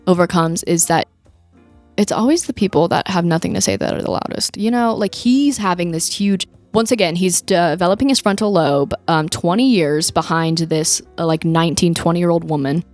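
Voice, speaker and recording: A woman's voice: lowish voice, moderate pace, a little mellow, soft background music. A young woman co-hosting a podcast, chatting casually about a movie and retelling scenes with acted-out quotes. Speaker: podcast co-host. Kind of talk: casual movie-review chat.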